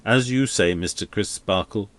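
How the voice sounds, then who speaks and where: A man voicing a smooth, hedging older male church dean who talks in a confidential tone. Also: on the low side, moderate pace, close to an everyday voice.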